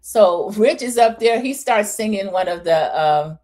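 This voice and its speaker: A woman's voice: mid-range voice, measured pace. A woman hosting a casual, opinionated reality TV recap, talking in a chatty way and acting out what the cast said. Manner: chatty, opinionated, animated quoting of cast members. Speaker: host.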